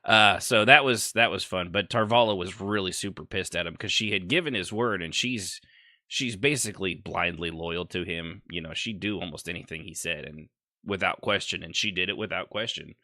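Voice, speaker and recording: A man's voice: sits low, moderate pace, bright, forceful tone, dry recording, clean studio sound. A man hosting a casual podcast, recounting roleplay game events in a rambling way with plenty of fillers. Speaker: podcast host.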